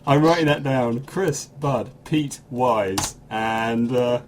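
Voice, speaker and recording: Male podcast quiz host, mid pitch, rambling and self-mocking, faint hiss behind. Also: takes it slowly. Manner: rambling, self-deprecating, laughing often. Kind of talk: casual podcast chat.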